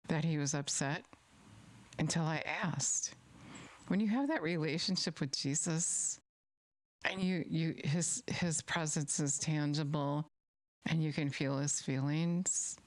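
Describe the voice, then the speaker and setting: A middle-aged woman preaching an earnest sermon and reading scripture aloud, repeating words for emphasis. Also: low-pitched.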